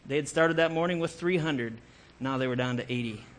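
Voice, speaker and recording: A man with a mid-range voice tells a historical war story aloud at a fairly quick pace. His delivery is earnest and dramatic, with occasional self-corrections.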